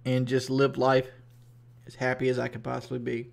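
A man's voice: medium pitch, flat delivery, normal speed, vocal fry, pauses often. A man talking casually on a live stream, venting his frustration, swearing a lot and often restarting his sentences. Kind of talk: casual live-stream talk, answering chat.

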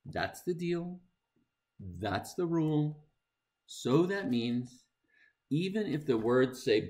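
Playful, animated man reading to kids. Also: mid-range voice, slow pace, long pauses. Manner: playful, mock-dismayed, bursts of silly sounds. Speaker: reader of a children's book. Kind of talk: animated read-aloud for kids.

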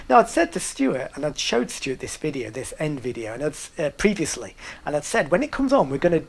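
A man's voice: fairly high pitch, sing-song, fairly quick, vocal fry, few pauses. Middle-aged man, northern English accent, loose rambling anecdote delivery, hesitant, laughs along with his own tale. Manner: rambling, hesitant, with many fillers and restarts. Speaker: storyteller. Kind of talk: casual anecdote telling.

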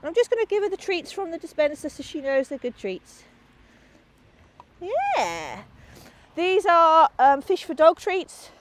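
A woman's voice: very high voice, big pitch swings, unhurried, a little hiss or hum. A woman dog trainer, explaining a training session outdoors in a field and breaking into sing-song praise for her dog. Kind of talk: instructional demonstration outdoors.

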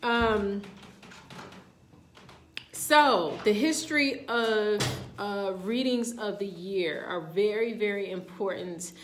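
A woman's voice: medium pitch, slow, long pauses, soft background music. A woman giving an informal, live-streamed spiritual talk to the camera, speaking straight to her viewers in a chatty way. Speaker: spiritual reader. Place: indoor room. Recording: echoey room, faint background noise.

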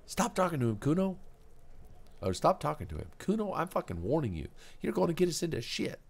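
A man's voice: a little high, sing-song, fairly quick, gravelly, pitched above the performer's own voice, exaggerated voice. A man voicing a small, scheming girl who threatens her friend. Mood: threatening.

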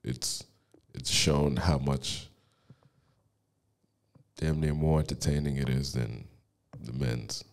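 A man's voice: extremely low pitch, steady tone, slow pace, creaky, pauses often. A man co-hosting a podcast in casual chat, teasing his guests and laughing often. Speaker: podcast co-host.

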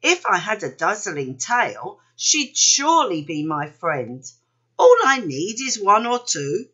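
A woman's voice: mid-range voice, slow, breathy edge, highs cut off, exaggerated voice. A woman voicing a lonely, eager young panda. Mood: excited. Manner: wishful, bursting into excitement. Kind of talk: reading a picture book aloud to children.

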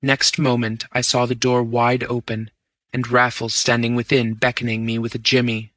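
A man narrating a story in the first person, reading in a steady, measured way. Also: mid-range voice, no echo. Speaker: audiobook narrator.

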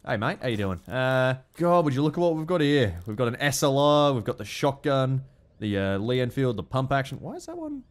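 A young Australian man giving excitable, foul-mouthed let's play commentary. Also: medium pitch, brisk. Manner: excitable, swears a lot, laughs often. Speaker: gaming YouTuber.

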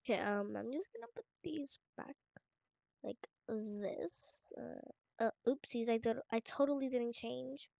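A woman's voice: a little high, animated, measured pace, vocal fry, mellow, no room sound. A woman hosting a channel who narrates a casual game story aloud as she plays, chatty and rambling. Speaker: channel host. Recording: dull lo-fi home mic, dry. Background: family noise in the home.

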